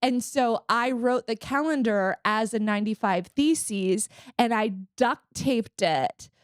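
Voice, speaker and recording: A woman co-host riffs through a casual comedy podcast with sardonic, animated energy. Her voice sits a little higher than usual. The sound is dry and close. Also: takes it slowly, smooth, no room sound. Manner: sardonic, animated storytelling with many "like"s.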